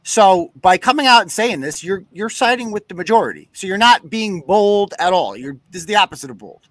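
A man's voice: high-pitched, expressive, fairly quick, fairly bright tone, dry recording. A man hosting a live podcast, ranting sarcastically and cursing freely. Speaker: host.

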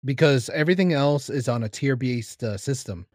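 A mid-pitched man from California talks in loose, casual chat, stumbling over his words and circling back to repeat his point. The sound is dry and close. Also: normal speed, a little mellow, dry recording. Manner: repetitive, restarts often, agreeing.

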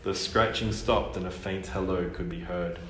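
Man, lowish voice, storybook reading aloud, echoey room, faint background noise. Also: normal speed. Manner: lively storytelling. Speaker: reader. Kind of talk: reading a children's book aloud.

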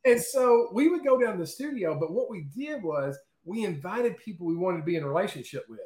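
Chatty guy on an interview, fairly high voice, keeps going "okay? right?", echoey room. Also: expressive, brisk, darkish tone. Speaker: interview guest. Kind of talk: casual storytelling in an interview.

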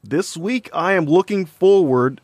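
A man's voice: sits high, lively intonation, measured pace, darkish tone, no room sound. Man, co-host, laid-back, giggly, dry room. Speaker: podcast co-host. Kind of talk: casual gaming podcast chat.

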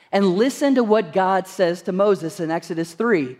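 Pastor, male, high tenor, earnest sermon delivery, echoing church hall. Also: expressive, moderate pace, few pauses, darkish tone. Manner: earnest, rhetorical questions to the congregation. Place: church sanctuary.

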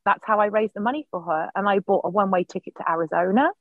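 A middle-aged woman, a podcast guest, telling a personal story in lively, candid conversation, swearing freely and acting out her own quotes. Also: medium pitch, quick pace, dry recording. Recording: dull lo-fi sound.

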